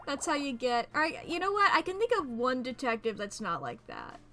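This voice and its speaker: A woman's voice: high voice, sing-song, fairly quick, sharp tone, soft background music. A woman streaming a puzzle game, chatting in a playful, rambling way and laughing often. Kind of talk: casual gameplay commentary.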